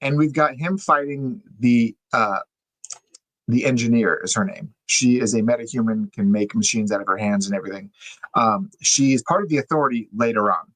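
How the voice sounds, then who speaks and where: A young man talks through a podcast in a loose, chatty way, leaning on "like" and "uh" as he explains. His voice sits at an ordinary middle pitch. It is recorded dry and close, with no room sound. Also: moderate pace, no room sound, rough recording. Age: young adult. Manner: chatty, lots of fillers, animated explaining. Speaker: podcast co-host. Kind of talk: casual podcast chat.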